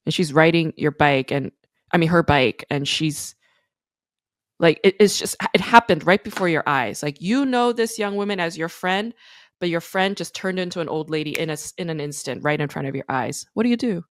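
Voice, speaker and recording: A woman's voice: low-pitched, moderate pace, no room sound, studio quality. A woman hosting a podcast in casual interview chat, chatty and talking through ideas with restarts. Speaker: podcast host.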